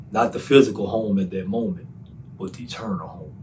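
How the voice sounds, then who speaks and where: Low-voiced man with a Southern accent. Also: brisk, darkish tone, a little hiss or hum. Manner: earnest, emotional storytelling with repetitions. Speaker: testimony speaker. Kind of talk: personal testimony, conversational.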